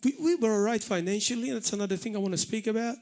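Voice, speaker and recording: High-voiced Maltese man preaching. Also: quick pace. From Malta. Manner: animated preaching, shouting out acted warnings. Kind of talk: sermon. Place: church hall.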